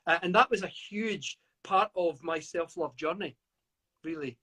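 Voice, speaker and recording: In a live video call interview, a middle-aged British guest author reflects at length, repeatedly stammering and beginning again. His voice is a little high and sharp in tone, with a breathy edge and a measured pace.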